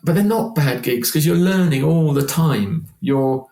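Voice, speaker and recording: A man in his sixties, a singer guesting on a podcast, talking in an animated, chatty way and often repeating words. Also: fairly high pitch, unhurried, vocal fry. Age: 60s. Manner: animated, chatty, repeats words while acting out quoted voices. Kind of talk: casual podcast conversation. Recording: roomy echo.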